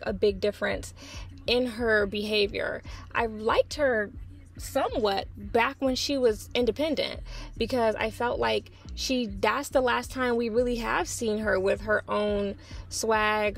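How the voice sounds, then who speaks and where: A woman's voice: fairly high pitch, vocal fry. A woman giving blunt, profane, exasperated pop culture commentary on her own. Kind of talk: opinionated solo commentary.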